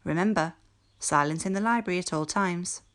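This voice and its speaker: A woman's voice: lowish voice, moderate pace, fairly bright tone, natural voice. A woman voicing an anxious, clumsy young schoolgirl witch who speaks hesitantly and pleadingly. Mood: soft.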